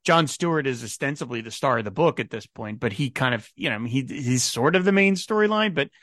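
A man co-hosting a casual comics podcast, animated and laughing often, slipping into mock voices for asides. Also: mid-range voice, brisk, no room sound, studio quality. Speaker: podcast co-host. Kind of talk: casual chat about comics.

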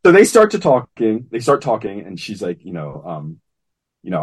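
Husky man retelling a comic story. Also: fairly low pitch, moderate pace. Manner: animated retelling, acting out lines in quotes. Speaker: podcast co-host. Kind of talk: casual comic book discussion.

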